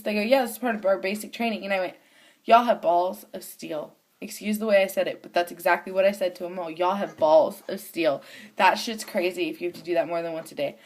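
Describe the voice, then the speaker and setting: A woman vlogger, a mother of young children, casually telling a story to the camera. She acts out the voices of the people in it and swears now and then. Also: medium pitch.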